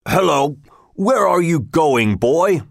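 A man's voice: on the high side, sing-song, slow pace, creaky, no room sound, clean studio sound, pitched above the performer's own voice, exaggerated voice. A man voicing an angry, drunken male forester in a storybook reading, mocking then threatening.

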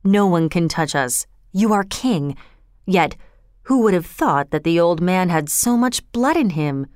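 A woman's voice: on the low side, lively intonation, a little slow, a little mellow, no room sound, studio quality. A woman voicing a guilt-haunted sleepwalking queen who murmurs and commands in a distracted, dreaming way.

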